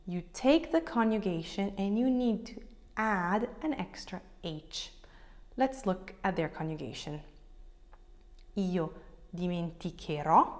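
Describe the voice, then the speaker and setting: A woman with a slightly low voice gives a grammar lesson to camera. She talks clearly and patiently, slowing down to model each conjugation and spelling out endings letter by letter. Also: a little mellow. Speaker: Italian language teacher.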